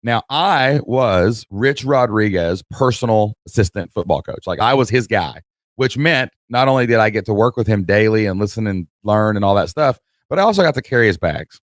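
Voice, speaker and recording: A man's voice: lowish voice, normal speed, no echo, studio quality. A man co-hosting a podcast, telling a story in casual chat and acting out the people in it. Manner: animated, acts out voices, laughs mid-story. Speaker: podcast co-host.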